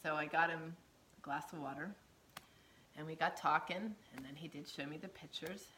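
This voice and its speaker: A woman tells her personal story in an earnest, heartfelt way. Her voice is bright and forceful but sits a little low, and she often sinks into a hushed near-whisper. She laughs softly between phrases. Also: normal speed, slight background noise. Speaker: storyteller sharing her testimony.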